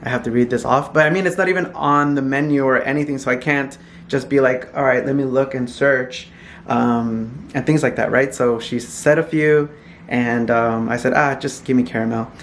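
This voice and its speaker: A young man from California chatting casually to his phone camera in a hotel, animated and laughing often. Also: mid-range voice, slight background noise. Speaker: vlogger. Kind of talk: casual vlog chat to camera.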